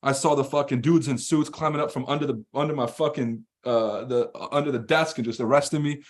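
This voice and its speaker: Male live-stream trading host, mid pitch, blunt and profane, combative with chat. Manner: fast, rambling and animated when ranting. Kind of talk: casual live-stream commentary reading chat.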